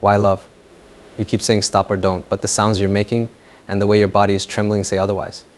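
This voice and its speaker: A man's voice: lowish voice, flat delivery, natural voice. A man playing a possessive, taunting lover. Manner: slow, taunting, mocking. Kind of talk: audio fan fiction role-play.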